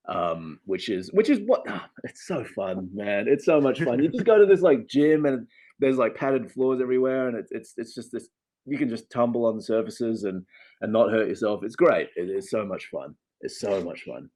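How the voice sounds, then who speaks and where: A man in his thirties from Australia, an actor chatting casually in an interview from home, animated, laughing often and restarting sentences. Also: on the low side, brisk. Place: home with a loft.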